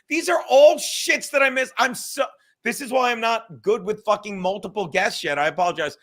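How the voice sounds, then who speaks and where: A man's voice: sits high, lively intonation, moderate pace, fairly bright tone. A man hosting a livestream, profane, rambling and fired-up. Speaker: livestream host. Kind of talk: livestream chat.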